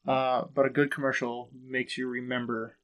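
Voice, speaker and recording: A man's voice: mid-range voice, level tone, moderate pace, fairly bright tone. A man co-hosting a casual podcast, rambling and thinking aloud with fillers. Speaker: podcast co-host. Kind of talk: casual chat.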